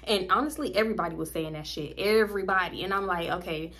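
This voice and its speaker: A woman's voice: medium pitch, fast talker. A young woman telling a story casually, cursing and acting out what people said. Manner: animated, profane, acts out voices. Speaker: storytime vlogger.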